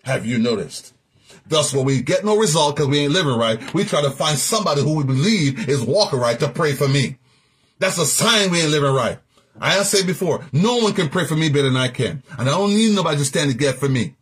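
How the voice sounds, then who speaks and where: A man's voice: on the high side, expressive, a little fast, fairly bright tone, husky. A man teaching a sermon as a Bible teacher, emphatic, repeating key phrases and asking the listener questions.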